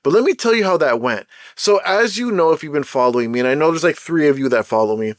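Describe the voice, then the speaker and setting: A man with a Jamaican accent hosting his own podcast, talking in a blunt, chatty, animated way full of slang. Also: fairly high pitch, fast, no echo, clean studio sound. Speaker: podcast host. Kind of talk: casual solo podcast talk.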